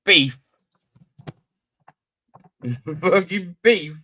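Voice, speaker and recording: A British man hosting a casual livestream quiz, who laughs often, swears freely and reads riddles out slowly. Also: high-pitched, expressive, pushed and bright, no room sound. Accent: British English.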